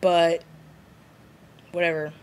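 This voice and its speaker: A woman vlogging casually, rambling and giggly, with sudden high jumps when she mimics others. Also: flat delivery, slow, a little hiss or hum. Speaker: vlogger answering a viewer challenge. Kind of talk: casual rambling vlog chat.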